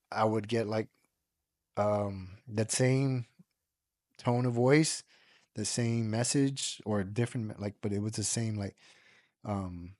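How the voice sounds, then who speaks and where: A man's voice: medium pitch, a little mellow, no echo, clean studio sound. A man from the United States telling a personal story in a casual, rambling way, full of fillers and the odd swear word. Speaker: podcast guest.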